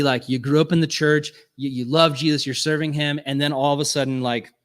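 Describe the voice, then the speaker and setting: An earnest man gives an informal teaching talk to people who work with youth. His voice sits at an ordinary middle pitch. He speaks off the cuff, full of likes and restarts. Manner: speaks without notes. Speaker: youth ministry workshop speaker.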